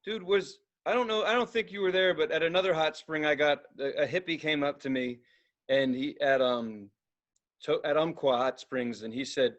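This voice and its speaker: A podcast co-host with a slightly high, fairly bright voice talks briskly. In casual chat he tells rambling, profane stories and acts out the people he quotes.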